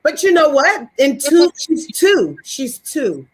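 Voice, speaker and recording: A woman's voice: high-pitched, very animated, slow. A woman co-hosting a casual chat, speaking emphatically and backing up the others. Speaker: co-host.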